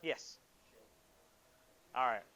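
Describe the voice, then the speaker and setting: A man teaching a high school math class, quizzing students and joking with them in a classroom. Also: drawn-out words, bright, forceful tone, muffled recording. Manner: instructive, asks students questions.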